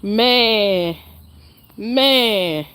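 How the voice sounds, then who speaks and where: A woman's voice: medium pitch, very slow, a bit bright, clear, resonant tone, dry recording. A woman, chatting and laughing with viewers on a casual live stream. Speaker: livestream host.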